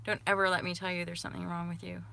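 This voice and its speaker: A woman vlogging to her viewers about spirituality, talking emphatically and swearing freely, swinging between soft and fired-up. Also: lowish voice, completely flat delivery, rapid-fire, gravelly, slight background noise. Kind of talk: casual monologue to viewers.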